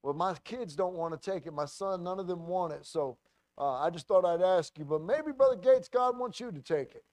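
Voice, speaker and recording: A man preacher voicing a big, jovial Italian-American pastor from South Philly, with a South Philly accent, talking in a booming, coaxing, drawn-out way. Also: a little mellow, no echo, natural voice. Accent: South Philadelphia Italian-American.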